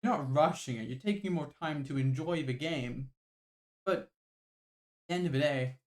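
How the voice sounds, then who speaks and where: A man's voice: a little high, normal speed. A man co-hosting a podcast, chatting casually and joking, explaining things through video game analogies. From Bangladesh. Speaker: podcast co-host. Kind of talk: casual chat.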